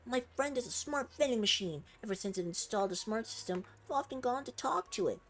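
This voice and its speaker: Picture a tiny, anxious robot helper from a video game, voice pitched up and wobbling as it blames itself for everything, put on by a woman reading along. The delivery is fretful and weepy, rising and falling in lively swoops. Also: brisk. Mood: tearful. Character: small tearful robot helper, anxious and self-blaming.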